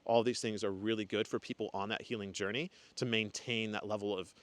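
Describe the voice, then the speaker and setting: A man's voice: lowish voice, fairly even intonation, fairly quick. Earnest rambling young man vlogging. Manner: earnest, rambling, lots of fillers and restarts. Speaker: spiritual content creator. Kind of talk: casual reflective vlog talk.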